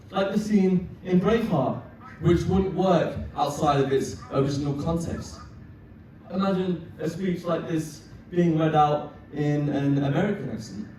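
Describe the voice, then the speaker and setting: A man giving a scripted lecture performance, presenting clearly to an audience. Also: a little high, mellow, slight background noise. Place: performance venue. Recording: echoey hall from far off.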